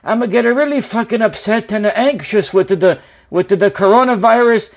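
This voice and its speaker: A man's voice: high-pitched, normal speed. A man voicing an anxious, rambling male business owner who speaks broken English and swears a lot.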